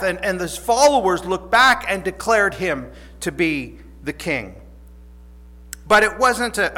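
A man with a fairly high, bright voice preaches a sermon. He reads scripture and then explains it in an earnest way, repeating phrases and sometimes restarting. A long reverb from the church room hangs on every line.

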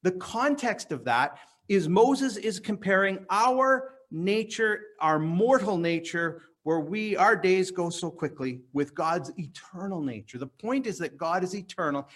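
Male pastor with a high voice preaching an earnest teaching sermon at a church service. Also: animated, fairly bright tone. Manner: earnest, teaching, stresses words slowly. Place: church service on a live stream.

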